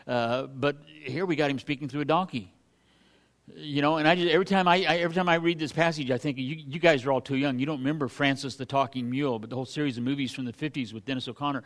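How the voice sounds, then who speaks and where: A man's voice: mid-range voice, fast talker. Folksy male preacher, casual sermon. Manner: folksy, conversational, with animated asides. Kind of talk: casual sermon with scripture reading.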